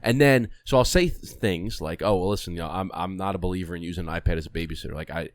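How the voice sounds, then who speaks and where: A man's voice: deep voice, fast talker, dry recording. A young man co-hosting a podcast, ranting bluntly with swearing in casual chat. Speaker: podcast co-host.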